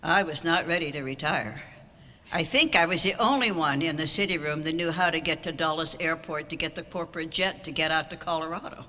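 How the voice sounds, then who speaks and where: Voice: mid-range voice, brisk, sharp tone. An older speaker giving a wry, anecdotal banquet speech as an award honoree, at a podium microphone in a large auditorium. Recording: long hall reverb.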